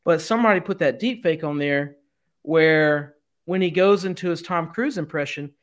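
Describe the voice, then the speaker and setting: An animated male podcast co-host with a fairly high voice who swears casually and laughs easily. He talks loosely, with plenty of fillers and restarts in a relaxed chat. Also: normal speed.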